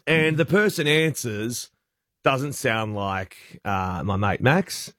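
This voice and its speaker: An Australian man hosting a breakfast radio show, telling rambling, chatty anecdotes with quick restarts. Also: mid-range voice, expressive, a bit bright, no echo, clean studio sound. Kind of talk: casual radio banter, storytelling. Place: radio studio.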